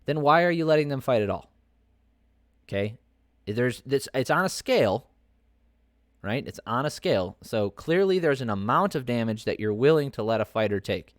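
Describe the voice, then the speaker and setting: A man's voice: mid-range voice, animated, moderate pace, no echo, clean studio sound. A man hosting a podcast, giving casual, opinionated fight commentary that rambles with many fillers and restarts. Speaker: podcast host.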